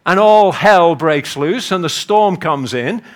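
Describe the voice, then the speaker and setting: Animated Liverpudlian preacher, high voice. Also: male voice, slow. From northern England. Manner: animated, acts out voices, rises to emphatic peaks. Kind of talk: sermon.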